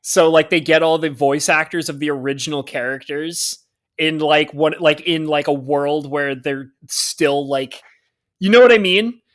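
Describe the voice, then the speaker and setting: A man co-hosting a podcast in casual chat, excitable and rambling, often laughing. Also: a little high, unhurried. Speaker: podcast co-host.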